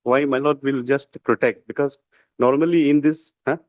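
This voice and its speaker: Arguing a case over video, this male defence lawyer sounds deferential and unsure, leaning on fillers and addressing the judge as "my lord" repeatedly. He keeps a medium pitch, steady tone and moderate pace, in a low-quality recording without room sound.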